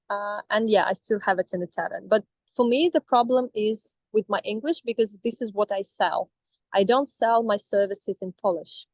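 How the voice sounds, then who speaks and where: A woman's voice: mid-range voice, darkish tone, no room sound, poor audio. A woman in her thirties from Russia, speaking English with a Russian accent, hesitant with many restarts, in a coaching session. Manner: hesitant, with frequent restarts and fillers. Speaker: coaching client.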